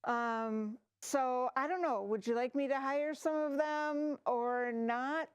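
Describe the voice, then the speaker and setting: A woman's voice: high-pitched, fairly even intonation, slow, clean tone, no echo. An improv performer in a TV studio playing a hesitant female office manager who fills her talk with ums. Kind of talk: improv comedy scene.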